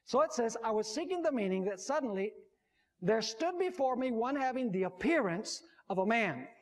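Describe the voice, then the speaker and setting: A man's voice: very high voice, sing-song, normal speed. A man, a pastor, preaching a sermon, rising sharply on key words and asking the audience questions.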